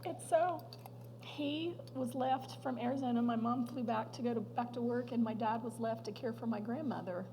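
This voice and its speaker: A woman speaking as a guest at a women's luncheon, sharing a personal testimony in a heartfelt, halting way that sometimes sinks to a near whisper. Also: fairly high pitch, fairly even intonation, warm tone, a little hiss or hum, poor audio.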